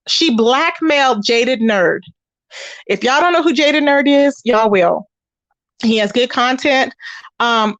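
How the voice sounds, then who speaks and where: A woman with a high, bright-sitting voice spills online drama to her viewers in casual commentary. She tells it in an animated way and slips into the voices of the people she quotes. The sound is dry and close, with no room around it. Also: no echo. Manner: animated storytelling, acts out quoted voices, talks straight to viewers. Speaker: commentary channel host.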